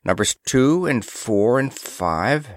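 A man narrating a pulp science fiction story in a steady, measured way. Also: mid-range voice, no room sound, clean studio sound.

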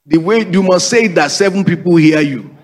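A man's voice: fairly high pitch, brisk. A man preaching a sermon, emphatic and repetitive, calling on the congregation to repeat after him. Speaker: pastor.

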